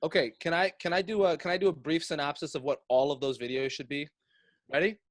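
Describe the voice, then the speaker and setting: A man's voice: a little high, fairly even intonation, fast, a little hiss or hum. A man hosting a podcast, talking casually in a wry, sarcastic way and swearing freely. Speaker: podcast host.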